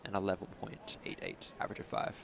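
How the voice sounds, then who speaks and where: A man's voice: fast talker, background noise. A man doing casual co-commentary at a live competition, playful and bantering.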